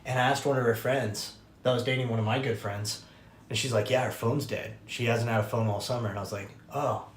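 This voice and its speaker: A young man, a podcast host, telling a story in casual chat, animated and profane, acting out the voices of people he quotes. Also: mid-range voice, a little fast, a little hiss or hum. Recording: roomy echo.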